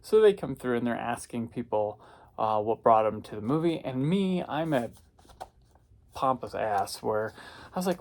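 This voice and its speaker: Animated man telling a rambling story. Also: mid-range voice, normal speed. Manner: rambling, self-correcting anecdote telling. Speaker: home video reviewer. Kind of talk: casual storytelling.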